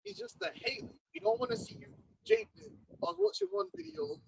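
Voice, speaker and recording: A man, preaching in casual livestream chat, animated and laughing, often repeating words. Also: very high-pitched, fairly quick, gravelly, a little hiss or hum, low-quality recording.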